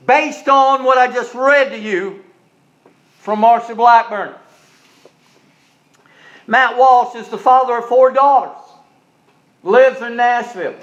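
A male pastor preaching a sermon, telling stories dramatically and swinging between loud and hushed delivery. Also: very high voice, slow, long pauses. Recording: dull lo-fi recording.

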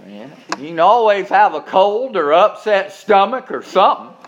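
A preacher man with a high voice delivers a sermon, folksy and emphatic, turning to his listeners with asides. The sound is dull and lo-fi, like an older recording. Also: expressive, normal speed, slight background noise.

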